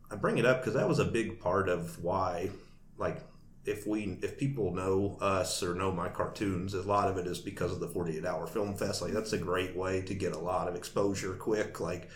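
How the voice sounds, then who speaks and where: A man chatting as an interview guest, telling a long story with many fillers and frequent laughs. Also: deep voice. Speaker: guest cartoonist. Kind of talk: casual interview chat. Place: Nashville. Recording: echoey room with faint noise.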